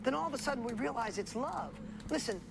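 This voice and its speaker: A woman's voice: sits high, expressive, fast talker, creaky, noisy background. A woman giving a motivational seminar speech, preachy, repeating key phrases and asking the audience questions. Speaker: motivational speaker.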